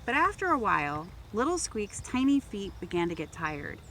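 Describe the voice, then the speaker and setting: A woman's voice: medium pitch, sing-song, normal speed, slight background noise. Woman reading a children's picture book. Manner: gentle storytelling, raising voice for toy characters. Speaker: volunteer reader.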